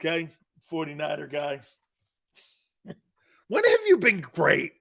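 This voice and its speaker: A man's voice: on the high side, wildly swooping pitch, slow, gravelly, long pauses, a bit bright. A man hosting a live sports talk show, teasing and joking with his chat and laughing often.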